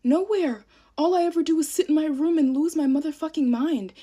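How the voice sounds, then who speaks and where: A woman's voice: sits high, fast talker, warm tone. Exasperated, profane young woman ranting. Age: young adult. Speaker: college student. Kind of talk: get-ready-with-me rant to camera.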